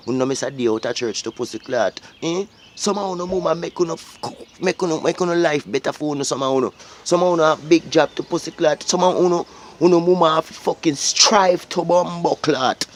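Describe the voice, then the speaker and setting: A man's voice: mid-range voice, a little hiss or hum. Jamaican guy ranting at his viewers, preachy, swears a lot, keeps going "eh?". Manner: preachy, profane, repeats questions like "Eh?". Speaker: vlogger.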